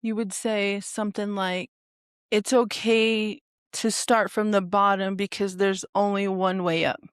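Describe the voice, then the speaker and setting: A woman's voice: mid-range voice, flat delivery, a little slow, clear, resonant tone, dry recording, clean studio sound. Encouraging woman rambling through filler words. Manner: rambling, filler-heavy, encouraging, laughs often. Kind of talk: casual chat.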